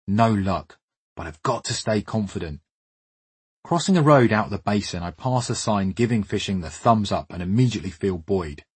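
Husky, wry man narrating. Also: fairly low pitch, lively intonation, normal speed, dry recording. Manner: wry, understated, dryly humorous. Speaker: travel documentary presenter. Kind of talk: scripted documentary narration.

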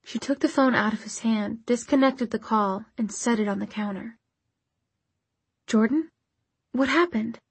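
A woman narrating a novel in a measured, even storytelling manner. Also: fairly high pitch, husky, no room sound. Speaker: audiobook narrator. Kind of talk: scripted narration.

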